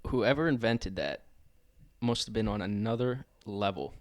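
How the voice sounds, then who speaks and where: This is a man hosting a casual podcast. His voice sits on the low side and his delivery stays relaxed and conversational, with casual swearing. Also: normal speed. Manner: laid-back, swears casually. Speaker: podcast host. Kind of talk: casual chat.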